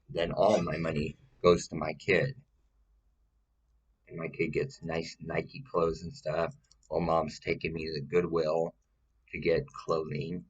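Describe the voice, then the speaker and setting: A man's voice: low voice, slightly rough, highs cut off. A man talking to the camera in a rambling personal monologue, profane and full of repeated, restarted phrases.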